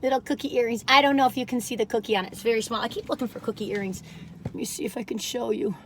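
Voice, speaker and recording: A woman chatting casually as she reviews food, rambling and digressive, gushing with excitement and laughing often. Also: on the high side, rapid-fire, background noise. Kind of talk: casual chat.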